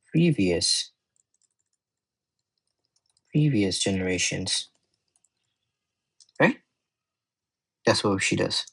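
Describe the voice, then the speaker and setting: A man's voice: low-pitched, vocal fry, slightly rough, rough recording. A man tutoring English in a casual exam walkthrough, chatty and often correcting himself as he thinks aloud.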